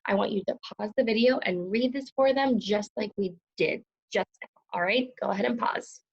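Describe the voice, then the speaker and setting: Woman teaching a second-grade class. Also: mid-range voice. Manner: slow, crisp and clear, encouraging teacher voice. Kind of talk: recorded remote lesson for young children. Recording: slightly dull lo-fi recording.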